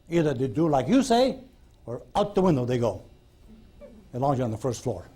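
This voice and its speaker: A man's voice: mid-range voice, big pitch swings, brisk, long pauses, mellow, slightly rough. A man teaching a hypnosis class in blunt, folksy style, acting out talks with his clients. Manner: folksy, blunt storytelling, acts out dialogue with clients. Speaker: hypnosis instructor. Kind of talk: recorded classroom lecture. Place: lecture room with audience.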